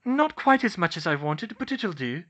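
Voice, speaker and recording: A man voicing a clever, anxious teenage girl, a witch student, in a quick worried way. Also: high-pitched, big pitch swings, fairly bright tone, highs cut off, voice pushed up, full character voice. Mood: defensive.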